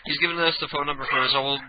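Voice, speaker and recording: A man hosting a radio prank show in casual, rambling chat, joking and laughing often. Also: a little high. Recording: dull lo-fi radio recording with faint hiss.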